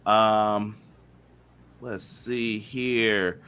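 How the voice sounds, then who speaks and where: Upbeat guy reading chat msgs on a live podcast, bright voice, casual. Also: fairly low pitch, fairly even intonation, very slow, smooth. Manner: upbeat, reads chat messages aloud, shouts out viewers.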